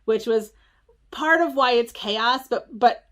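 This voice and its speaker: A woman from the Philadelphia area chatting casually at home for her stitching vlog, excitable and rambling, with quick asides. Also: fairly high pitch. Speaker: stitching vlogger.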